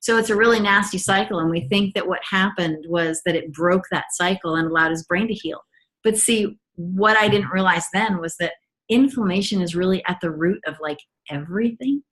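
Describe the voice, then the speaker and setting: A woman's voice: lowish voice, moderate pace, a bit bright. A middle-aged woman gives a personal testimony as a mother, talking in a chatty, earnest way with frequent ums and restarts. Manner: earnest and enthusiastic.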